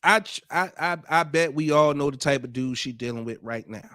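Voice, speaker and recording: An animated man hosts a podcast, his voice a little high and recorded close and dry. He drives his points home and repeats himself for effect. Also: fairly quick, no room sound. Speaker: podcast host. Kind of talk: podcast commentary.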